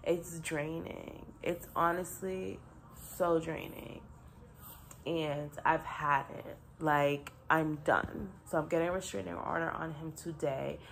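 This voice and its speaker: Brief: young woman, vlogger, low and gravelly, blunt and profane, talking straight to a phone camera. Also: fairly even intonation, slow pace, a bit bright, slight background noise. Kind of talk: casual vlog rant.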